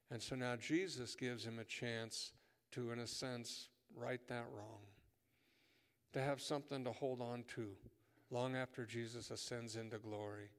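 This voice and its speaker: A man's voice: mid-range voice, measured pace. Man preaching in a reverberant hall. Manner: animated, acts out dialogue, drops to a whisper for emphasis. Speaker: pastor. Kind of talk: sermon.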